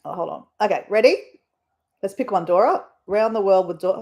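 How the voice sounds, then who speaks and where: A woman's voice: mid-range voice, animated, brisk, long pauses, a little mellow. An Australian woman hosting a casual live stream, chatting in a rambling way with her viewers. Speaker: livestream host.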